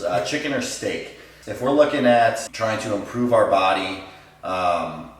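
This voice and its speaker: A man speaking as a guest coach in a casual chat, measured and explanatory, recorded in a room with roomy echo, away from the mic. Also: on the low side, recorded from a distance.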